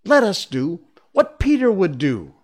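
A man voicing a group of excited, simple young boys crying out together. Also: fairly high pitch, measured pace, slightly rough, voice pushed up.

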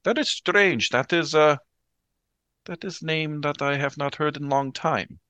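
A man voicing a shaken woman character in a tabletop horror game, speaking in halting, formal phrases. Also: on the high side, pushed and bright, clean tone, no echo, voice pushed up. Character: shaken middle-aged woman, Sister B, formal.

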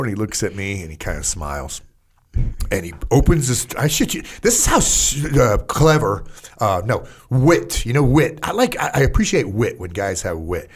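An older man who served in the army shares stories in a laid-back interview at a medium pitch. He curses, gets animated, and fills his speech with fillers.

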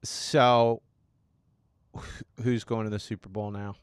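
A man's voice: fairly low pitch, little pitch movement, smooth, no echo. A man co-hosting a casual podcast, teasing dryly and restarting his sentences. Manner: dry teasing, halting restarts. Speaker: podcast co-host. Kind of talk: casual chat.

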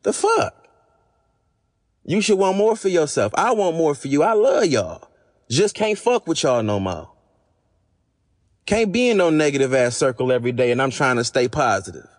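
A podcast host with a hoarse, fading voice, delivering a blunt, profane, exasperated monologue. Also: male voice, a little high, animated, moderate pace. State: losing his voice.

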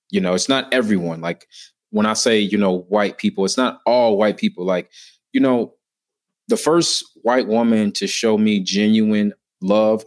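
A man in his thirties, a podcast guest sharing heartfelt personal stories in an earnest, emphatic way that rises with feeling. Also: deep voice.

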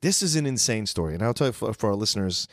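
A man hosting a casual film podcast, telling stories in an animated way. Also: lowish voice, no echo, studio quality. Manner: animated storyteller, quick asides. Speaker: podcast host. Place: Los Angeles.

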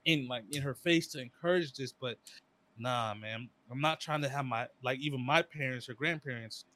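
A young man chatting casually as a podcast co-host, rambling through stories with slang and sudden animated bursts. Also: medium pitch, normal speed. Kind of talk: casual chat.

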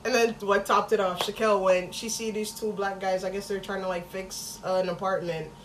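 A young adult woman co-hosting a podcast, telling a story in casual slang with lots of swearing and animated quoting. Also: medium pitch, a little fast, background noise. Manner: slangy, profane, animated retelling. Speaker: podcast co-host.

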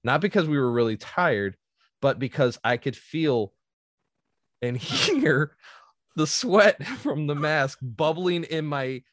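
A man's voice: on the high side, slow pace, no echo, studio quality. A man in his thirties telling a casual story, laughing often and acting out what people said. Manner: animated, laughs often, acts out quotes.

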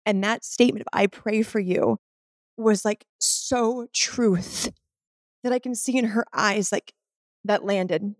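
A woman's voice: mid-range voice, fairly even intonation, takes it slowly, no room sound, clean studio sound. A woman guest telling an earnest, spiritual personal story in conversation, full of "like" fillers. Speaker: podcast guest.

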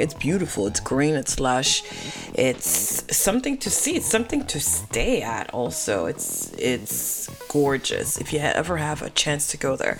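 A woman with a French Canadian accent, telling a family road-trip memory in casual chat, halting with many fillers and restarts. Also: deep voice. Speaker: storyteller. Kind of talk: casual conversational storytelling.

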